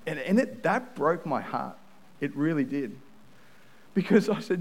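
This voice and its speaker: A man preaches from the pulpit in an earnest, personal tone. His voice sits a little high for a man, and he trips into quick repeated restarts as he tells his story. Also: poor audio. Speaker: pastor. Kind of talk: sermon.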